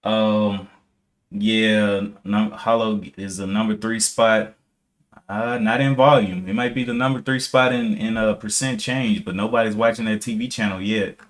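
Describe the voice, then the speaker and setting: A man's voice: on the low side, fairly even intonation, a little slow. A man streaming live day trading, casually thinking aloud, reading out viewer comments and correcting himself as he checks charts.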